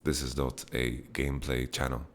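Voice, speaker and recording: A man's voice: very deep voice, completely flat delivery, normal speed, fairly bright tone. A man hosting a casual Q&A podcast, answering viewer questions bluntly and laughing them off. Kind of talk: casual chat, Q&A.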